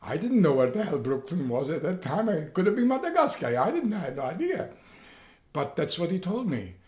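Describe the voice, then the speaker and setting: An old man recounts his past in a slightly high voice. He stumbles, repeats words and rises to loud excitement at key moments. The room around him adds a noticeable echo. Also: a little fast. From Poland. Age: 80s. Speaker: interviewee. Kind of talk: personal storytelling. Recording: roomy echo.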